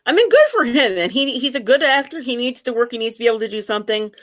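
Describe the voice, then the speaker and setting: A middle-aged woman hosting a casual video chat with fans, talking in an animated way with many restarts. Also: a little high, quick pace. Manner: chatty, animated, frequent restarts. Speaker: host of fan discussion chat.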